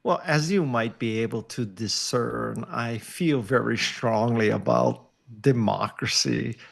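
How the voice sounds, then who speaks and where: An older man with a gravelly, creaky edge to his voice talks as a guest over a video call. He is wry and self-deprecating and leans hard on his points. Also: medium pitch, slow pace.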